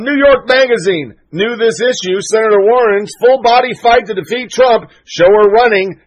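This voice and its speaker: A man's voice: sits high, breathy edge, rough recording. A male show host delivering a solo commentary monologue, ranting in a fired-up, profane and sarcastic way.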